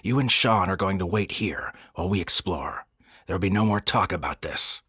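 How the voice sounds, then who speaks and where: Man doing a gruff, dismissive expedition boss, low husky voice, dry read. Pulp story figure. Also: normal speed, bright, forceful tone, no echo, full character voice. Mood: curt. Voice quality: curt, dismissive. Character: brusque, skeptical male expedition leader.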